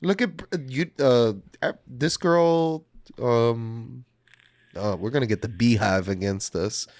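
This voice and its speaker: A man co-hosting a podcast in casual chat, with a wry, drawn-out delivery. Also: mid-range voice, a little mellow, no echo. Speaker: podcast co-host.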